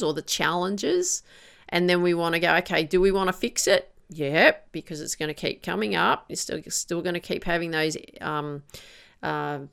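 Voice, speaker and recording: A woman's voice: fairly low pitch, vocal fry, a bit bright, clear, resonant tone. A woman coaching golfers on their mental game, who works through one question after another and sometimes acts out an inner voice. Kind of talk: coaching monologue.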